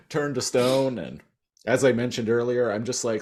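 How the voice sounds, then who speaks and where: A man talks through a cartoon episode in an easygoing, chuckling voice. He adds dry, wry remarks at a middling pitch. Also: lively intonation, unhurried, a little mellow. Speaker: podcast co-host. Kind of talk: casual recap chat.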